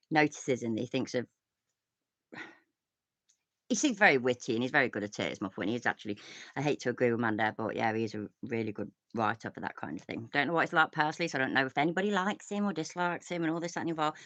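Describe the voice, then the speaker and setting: Chatty English woman, gravelly voice. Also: rumbling low, fairly bright tone, dry recording. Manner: rambling, swears often, laughs a lot. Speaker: host. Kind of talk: casual reaction commentary.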